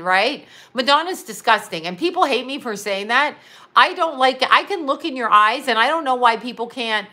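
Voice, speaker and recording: A middle-aged woman ranting on a livestream, rambling, profane and animated as she talks straight to her viewers. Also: a little high. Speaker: psychic medium and astrologer. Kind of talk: livestream rant.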